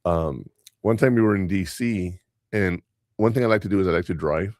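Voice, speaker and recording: A middle-aged man hosting a podcast, telling family stories in a rambling, animated way. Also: sits low, moderate pace, no echo, clean studio sound. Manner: rambling, animated storyteller who mimics voices. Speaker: podcast host. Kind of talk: casual storytelling chat.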